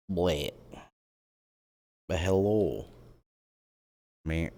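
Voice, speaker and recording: A man's voice: low voice, dark tone. A man streaming while in virtual reality, chatting casually and rambling as he greets his viewers one by one. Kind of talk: casual live-stream chat.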